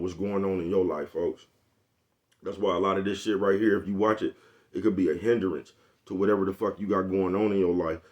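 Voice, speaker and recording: A man's voice: deep voice, darkish tone, lo-fi sound. A man, talking casually and profanely to his camera, rambling and asking "you know what I'm talking about?" over and over. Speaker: vlogger.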